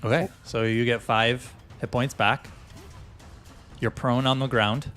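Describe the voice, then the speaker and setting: A man's voice: mid-range voice, fairly even intonation, unhurried, a bit bright, faint music behind. A man running a tabletop game as game master, patiently explaining the rules step by step.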